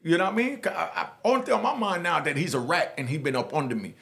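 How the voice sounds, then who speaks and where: Gravelly man telling prison stories. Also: fast. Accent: Jamaican New York. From New York. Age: middle-aged. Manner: street slang, frequent "you know what I mean" asides; acts out other voices, dropping low and soft for them. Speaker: storyteller recounting prison life. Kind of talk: casual spoken storytelling.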